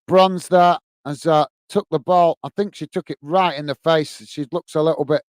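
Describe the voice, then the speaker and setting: A man from England hosting a fan watch-along, giving excited live match commentary and reading out chat comments. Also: on the high side, moderate pace, no room sound.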